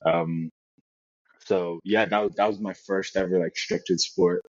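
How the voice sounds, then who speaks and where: A young man from Nigeria, a football player, telling his story in a relaxed interview chat with many restarts. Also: deep voice, measured pace, no echo. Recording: dull lo-fi sound.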